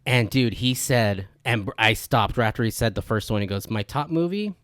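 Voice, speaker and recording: Man podcast co-host, excitable, "dude" every line, dry close sound. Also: lowish voice, a little fast, dry recording. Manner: excitable, says "dude" constantly, acts out quotes. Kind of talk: casual chat.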